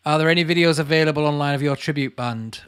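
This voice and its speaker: Answering live chat on his channel, this late-thirties host with a Lancashire accent chats casually, reads out comments, and calls viewers mate. He talks fast in a slightly high voice that is fairly bright, clear and resonant.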